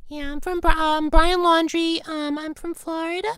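A woman's voice: very high-pitched, little pitch movement, moderate pace, a bit bright. A woman playing a vague young man in an improvised comedy bit, mumbling and full of "like" and "you know". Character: aimless young man denying blame. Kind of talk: improvised comedy role-play.

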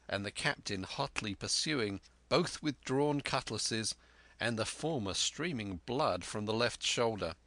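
A man narrating a storybook tale in a measured, vivid reading. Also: lowish voice, sharp tone, no echo.

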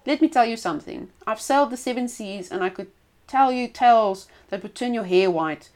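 Storybook pirate, older man, gruff and boastful; woman reader doing the voice. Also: a little high, animated, brisk, darkish tone, lightly acted.

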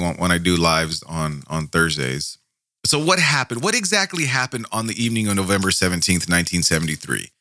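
A man's voice: medium pitch, sharp tone, no echo, clean studio sound. A man hosting a true crime podcast, reading case notes aloud and breaking off into profane, angry asides full of stammered restarts.

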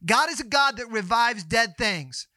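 A man's voice: extremely high pitch, animated, unhurried, sharp tone, no room sound, studio quality. A man co-hosting a church podcast, talking in an earnest, encouraging way about faith. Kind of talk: faith podcast conversation and prayer. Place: studio. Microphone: podcast microphone.

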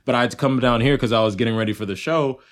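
A young man co-hosting a podcast in casual chat, animated and profane, acting out his own reactions as he talks. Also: mid-range voice, rapid-fire. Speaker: podcast co-host.

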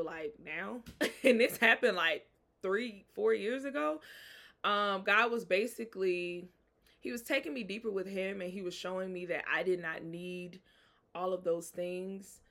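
A woman with a Southern US accent tells her faith story on her own podcast. Her voice is bright and forward. She talks in a lively, informal way and acts out bits of dialogue as she goes. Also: on the low side. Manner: animated, acts out dialogue, addresses listeners as y'all. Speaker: podcast host. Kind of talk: personal faith testimony, casual storytelling.

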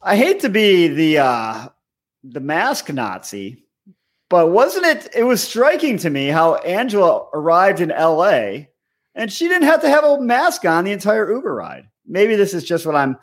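A man's voice: high voice, huge pitch swings, moderate pace. Dry, sarcastic man on a comedy podcast. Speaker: podcast co-host. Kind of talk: casual comedic show-review chat.

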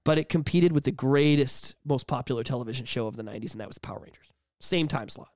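A man co-hosting a casual podcast, telling stories in an excited, rambling way and swearing freely. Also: mid-range voice, fast, no room sound, clean studio sound. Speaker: podcast co-host. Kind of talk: casual chat.

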